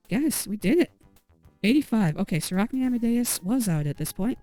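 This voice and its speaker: A woman's voice: on the high side, animated, brisk, dark tone, no echo. A woman giving casual commentary over a video game, reading out game text with wry, amused asides. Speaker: let's play host. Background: faint game music.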